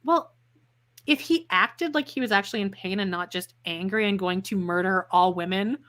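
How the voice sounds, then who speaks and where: A woman co-hosting a casual recap podcast, sarcastic and quick to laugh, acting out quotes as she retells scenes. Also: mid-range voice, fairly bright tone. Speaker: podcast co-host.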